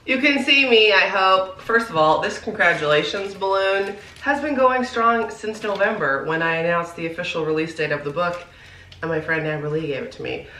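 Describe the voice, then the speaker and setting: A woman in her thirties chatting excitedly to camera at home for her vlog, talking straight to her viewers. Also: on the low side, moderate pace, slight background noise, rough recording. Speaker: vlogger. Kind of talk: casual vlog talk to camera. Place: at home indoors.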